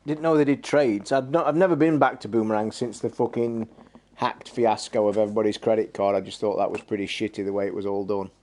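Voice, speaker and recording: A man's voice: fairly low pitch, steady tone, fast, a little mellow. A man hosting a gaming live stream, chatting in a rambling, blunt and sweary way. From England. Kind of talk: casual live-stream chat.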